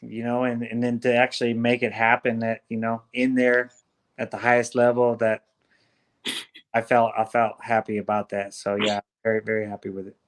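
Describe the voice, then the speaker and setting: A man speaking as a guest fighter in a casual video-call interview, relaxed and halting, with many restarts. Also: medium pitch.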